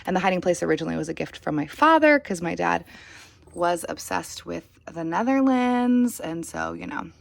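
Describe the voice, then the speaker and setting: A young woman talks casually through her bookshelves, wandering off on asides and filling gaps with ums. Her voice sits a little low and has a gravelly edge. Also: expressive, moderate pace, dry recording. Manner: rambling, lots of fillers and asides. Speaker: BookTuber.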